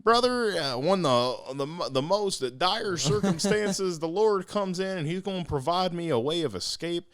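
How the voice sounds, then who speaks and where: A man doing an impression of a well-known male politician, speaking in a halting, drawn-out, preachy way. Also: high-pitched, expressive, voice pushed up.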